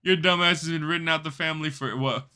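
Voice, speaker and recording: A man's voice: a little high, fast talker, clear, resonant tone. A young man streaming a survival game, talking casually, swearing, laughing and reading chat aloud. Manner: animated, laughing, swears a lot, slangy. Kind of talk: casual gameplay commentary.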